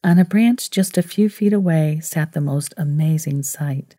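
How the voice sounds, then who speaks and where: A woman narrating a novel in a low, mellow voice. Her calm, measured delivery sits in a close, dry recording. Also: dry recording. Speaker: audiobook narrator. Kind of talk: scripted narration.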